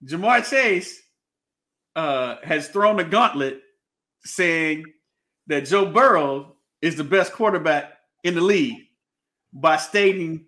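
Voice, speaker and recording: A man's voice: fairly high pitch, animated, takes it slowly, pushed and bright. A man hosting a casual sports podcast, talking with many fillers and restarts and laughing often. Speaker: podcast host.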